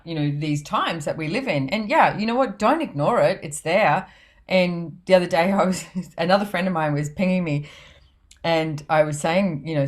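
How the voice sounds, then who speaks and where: Low-voiced woman chatting. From Australia. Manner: chatty, laughs often, quotes others. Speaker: podcast host and author. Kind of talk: casual podcast chat.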